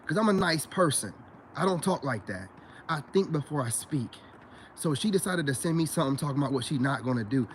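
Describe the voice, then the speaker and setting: A man's voice: high-pitched, a little hiss or hum. A man hosting a livestream, ranting casually and profanely while greeting chat viewers by name. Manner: profane, animated, repeats "you know what I'm saying". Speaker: livestream host.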